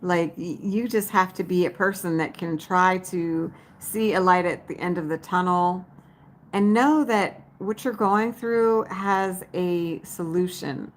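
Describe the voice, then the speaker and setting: Chatty woman vlogger, lowish voice. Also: unhurried. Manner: chatty, folksy, addresses viewers as y'all. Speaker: vlogger talking to live viewers. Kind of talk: casual livestream chat.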